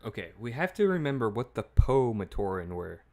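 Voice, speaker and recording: Animated joking man playing a game. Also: on the low side. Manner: animated, joking, quick to laugh. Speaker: co-host playing the game on stream. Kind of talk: casual gameplay chat.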